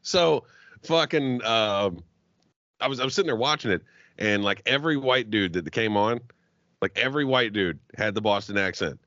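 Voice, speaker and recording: A man's voice: fairly low pitch, expressive, normal speed, pushed and bright, dry recording, lo-fi sound. A man co-hosting a podcast, swearing freely and laughing as he jokes, with frequent stumbling restarts. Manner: profane, joking, laughs often, trailing restarts. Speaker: podcast co-host. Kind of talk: crude comedic podcast banter.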